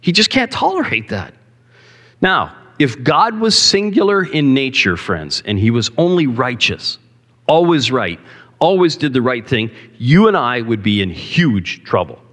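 In a church sanctuary with long hall reverb, a Canadian male pastor preaches in a mid-range, sing-song, slightly bright voice. He goes a little slowly, talking conversationally and putting questions to the congregation.

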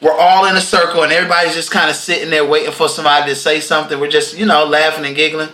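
A man's voice: on the high side, flat delivery, racing, sharp tone. A man in his forties co-hosting a podcast, blunt and profane, arguing his point and telling stories. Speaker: podcast co-host. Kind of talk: casual podcast banter.

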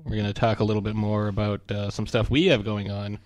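A man co-hosting a podcast, retelling a movie scene in a casual, animated way with some swearing. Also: on the low side, a little fast, no echo. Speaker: podcast co-host.

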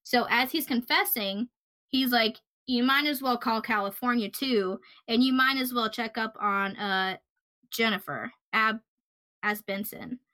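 A woman's voice: fairly high pitch, unhurried, bright, forceful tone. A woman co-hosting a true crime podcast, telling the story casually with fillers, sometimes getting heated and swearing.

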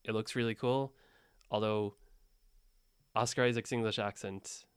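A man chatting casually as a podcast co-host, relaxed and often laughing, with hesitant restarts. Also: on the low side, a little slow, clean tone, dry recording, clean studio sound. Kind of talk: casual chat.

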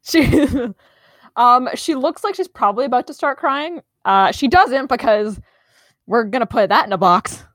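A woman playing a tabletop game in casual, excitable, giggly chat. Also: on the high side, unhurried, dry recording. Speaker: player.

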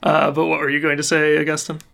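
Gravelly-voiced game master, easygoing and filler-heavy narration. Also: medium pitch, quick pace. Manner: relaxed, rambling with many fillers.

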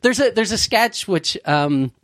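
A man spins a story in loose, conversational chat, swearing freely and often breaking into laughter. His voice sits high and swings widely in pitch. The sound is dry and close to the mic. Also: lively intonation, unhurried, fairly bright tone, dry recording.

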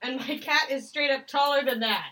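A woman on a video call argues a point about a book, jumping in to push back. Her voice sounds bright and sits a little high. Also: a little hiss or hum. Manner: animated, joking, quick to argue. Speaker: podcast co-host. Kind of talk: casual chat about a book.

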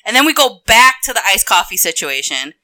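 A woman's voice: medium pitch, sing-song, a little fast, pushed and bright. A woman telling an exasperated, profane story in casual chat as a podcast co-host.

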